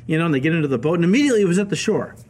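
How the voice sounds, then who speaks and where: A male pastor giving a radio Bible teaching sermon, telling the stories in a lively way and acting out the quoted voices. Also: fairly high pitch, racing. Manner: animated storytelling, acts out quoted voices.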